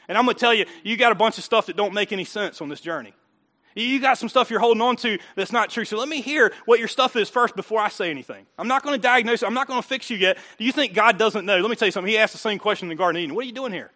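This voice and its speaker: A man preaching a sermon in a folksy, emphatic way, swinging between quiet asides and loud bursts, with short chuckles. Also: high-pitched, fast. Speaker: pastor.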